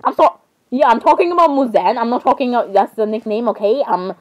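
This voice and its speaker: A woman's voice: a little high, lively intonation, fairly quick, low-quality recording. A young woman chatting casually for a vlog, rambling and giggling while she interrupts herself. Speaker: vlogger. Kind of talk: casual chat over screen browsing.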